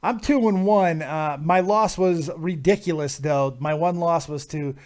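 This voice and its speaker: Excitable male live-show host. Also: on the high side, unhurried. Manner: excitable, swears casually. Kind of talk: casual live-show chat.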